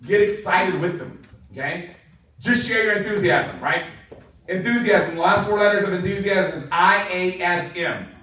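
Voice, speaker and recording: A man giving an energetic, enthusiastic sales training talk to a room, laughing often between points. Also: sits high, normal speed, a little hiss or hum. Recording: very echoey room heard from far off.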